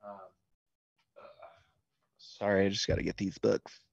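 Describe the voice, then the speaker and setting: A man's voice: lowish voice, level tone, measured pace, gravelly, dry recording, in a whisper, muffled recording. A man chatting candidly at a book signing, joking and swearing freely while he signs books. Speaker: author answering fan questions. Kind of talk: casual interview chat.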